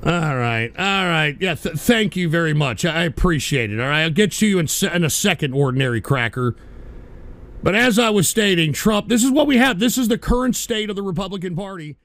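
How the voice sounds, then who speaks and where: High gravelly man ranting. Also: lively intonation, fairly quick, a little hiss or hum. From Texas. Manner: combative, shouts insults at trolls. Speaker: livestream talk show host. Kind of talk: angry political rant to live chat.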